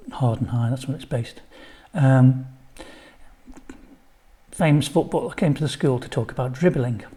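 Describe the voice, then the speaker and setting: A man's voice: mid-range voice, warm tone. An older man reading his own children's story, chatty, with asides to the listener.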